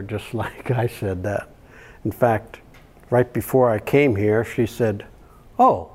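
An older man preaching a sermon, telling homely family stories and chuckling softly now and then. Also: medium pitch. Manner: homely anecdotes with frequent soft chuckles. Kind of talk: storytelling sermon.

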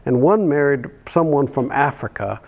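An older man preaching a sermon, telling homely family stories and chuckling softly now and then. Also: mid-range voice, expressive, normal speed, gravelly. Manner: homely anecdotes with frequent soft chuckles. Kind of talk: storytelling sermon.

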